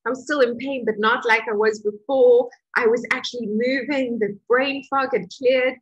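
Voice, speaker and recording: A middle-aged woman who teaches a healing course, telling a personal story in an emotional, animated way with laughter. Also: a little high, moderate pace, husky, muffled recording.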